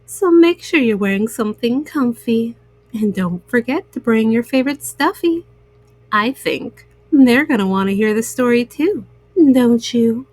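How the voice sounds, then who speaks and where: A woman reading bedtime stories aloud to young listeners, gentle and soothing. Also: fairly high pitch, lively intonation, a little slow, no echo. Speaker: storyteller.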